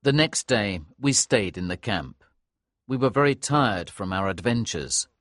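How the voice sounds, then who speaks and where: A man giving a scripted audiobook narration of a story in a clear, lively storytelling manner. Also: on the low side, unhurried, dry recording, studio quality.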